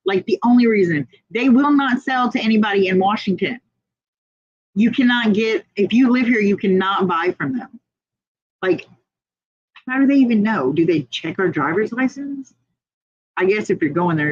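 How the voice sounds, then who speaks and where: A woman's voice: mid-range voice, lively intonation, moderate pace, slightly rough, no echo. A chatty woman hosting her own livestream, laughing often as she reads out viewer comments. Her voice sits in a middling register. The sound is dry and a little dull, with a muffled top end. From United States. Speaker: livestream host. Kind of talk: casual livestream chat.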